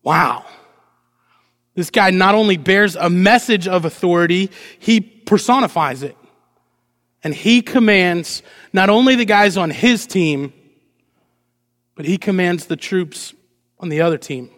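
A pastor with a high-pitched voice preaches a lively sermon a little slowly, pausing often. He asks the congregation rhetorical questions and acts out short quotes playfully, and long hall reverb colors the recording.

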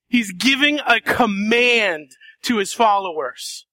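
A man preaching a sermon, dramatic, acting out voices and shifting between soft and loud passages. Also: very high voice, slow pace, few pauses, no echo. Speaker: pastor.

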